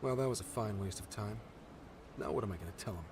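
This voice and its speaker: An actor voicing a middle-aged game character who grumbles irritably to himself. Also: male voice, on the low side, quick pace, a little mellow, slight background noise, close to an everyday voice. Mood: grumbling.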